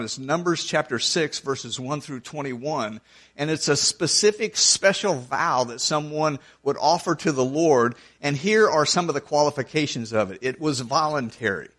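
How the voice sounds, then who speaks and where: A man's voice: mid-range voice, a bit bright. Earnest man preaching through scripture. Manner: earnest, conversational, with repeated restarts. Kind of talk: sermon, reading and explaining scripture.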